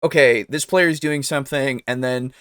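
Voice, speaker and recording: A young man co-hosts a casual tabletop gaming podcast, chatty and enthusiastic, laughing often and talking through fillers. His medium-pitched voice is clear, resonant and a bit bright at a moderate pace, recorded at studio quality with no echo.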